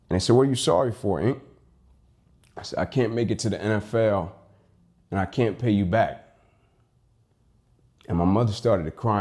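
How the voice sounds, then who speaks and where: A man's voice: on the low side, a little mellow. A young man giving a personal storytelling speech, emphatic, acting out the dialogue he quotes. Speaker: motivational speaker.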